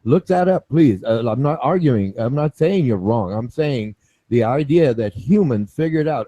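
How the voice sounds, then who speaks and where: A man's voice: mid-range voice, lively intonation, normal speed, warm tone, no room sound, poor audio. A man explaining his view at length in a group chat, lecturing and repeating himself, checking in with "okay?" and "right?".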